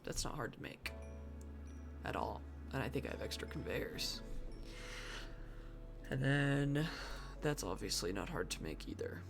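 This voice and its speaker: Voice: medium pitch, lively intonation, unhurried, vocal fry, long pauses. A streamer doing live gameplay commentary, muttering to themself and grumbling about their own mistakes. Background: background music and keyboard typing.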